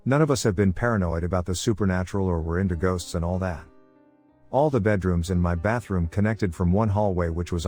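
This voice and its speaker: A man with a fairly low voice reads creepy first-person tales as scripted horror narration. His delivery stays calm and steady from line to line. Faint music plays beneath him. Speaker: voice actor narrating scary stories.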